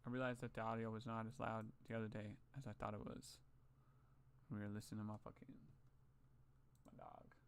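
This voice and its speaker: A man's voice: on the low side, level tone, a little fast, pauses often, smooth. A young man vlogging in a casual, rambling, profane monologue, often muttering to himself.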